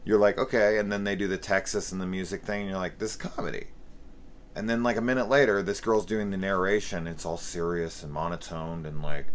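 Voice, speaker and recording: A man with a very deep, low voice delivers a profane, sarcastic film review rant. He swears freely and slips into mocking, overdone voices when quoting scenes. A faint hiss of noise sits under his voice. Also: steady tone, fairly quick.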